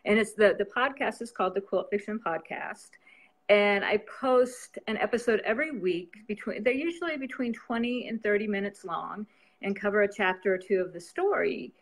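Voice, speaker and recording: A woman's voice: medium pitch, normal speed. A woman novelist chatting casually as an interview guest, rambling and laughing often.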